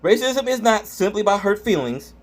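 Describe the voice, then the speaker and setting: A man with a notably high voice rants angrily and profanely while reacting to comments in a vlog. He often stumbles over his words and restarts. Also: big pitch swings, fairly quick. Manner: angry profane ranting. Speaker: vlogger.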